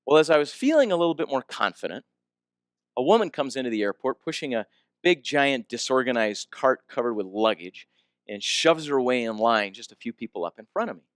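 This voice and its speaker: A man with a medium-pitched, smooth voice speaks briskly in a dry recording. He gives an animated storytelling talk, putting questions to the audience and performing the voices of the people he quotes.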